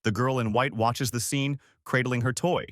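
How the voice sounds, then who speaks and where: A man reading scripted narration as he recaps a comic story, in a steady storytelling manner. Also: medium pitch, normal speed, no room sound, studio quality.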